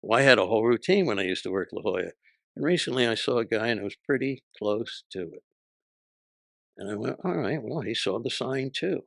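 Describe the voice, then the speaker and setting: Gravelly older man telling comedy stories. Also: medium pitch, lively intonation, fairly bright tone, no echo, clean studio sound. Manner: swaps into quick character voices when quoting people; profane punchy delivery. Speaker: stand-up comedian guest. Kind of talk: casual storytelling chat.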